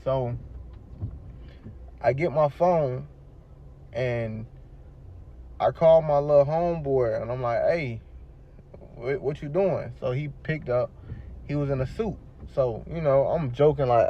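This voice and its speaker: A man recounts his story in casual slang, circling back and repeating lines as he goes. His voice sits at an ordinary pitch. The recording sounds a little dull and lo-fi. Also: unhurried, long pauses. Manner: slangy, rambling, repeats himself.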